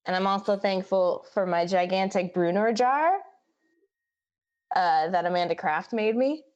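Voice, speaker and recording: A woman's voice: medium pitch, a little slow, darkish tone. A woman with a blunt manner who swears freely, chatting casually as a player on a live stream. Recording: dull lo-fi stream audio.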